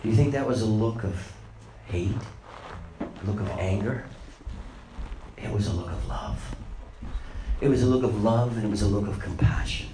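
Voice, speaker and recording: A man's voice: lowish voice, normal speed, pauses often. A man preaching a sermon, retelling a story with rising and falling dramatic intensity. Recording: roomy echo, faint noise.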